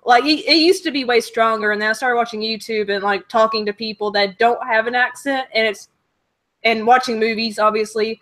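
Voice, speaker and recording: A woman's voice: a little high, steady tone, a little fast, fairly bright tone. A young woman from Alabama with a Southern accent, hosting a casual web chat and reading out viewer comments, with lots of "like" fillers. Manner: chatty, frequent "like" fillers. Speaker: host of a live web show.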